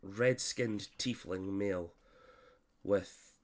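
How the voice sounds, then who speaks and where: A man who is unwell, narrating a tabletop game as game master with halting, filler-heavy speech on a voice call. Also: low-pitched. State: unwell, coughing.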